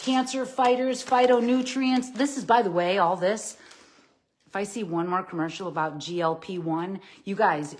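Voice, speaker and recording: A woman coaching on plant-based eating during a grocery haul vlog, energetic and punchy, with repeated catchphrases and "okay?" at the end of lines. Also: medium pitch, normal speed. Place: home with groceries.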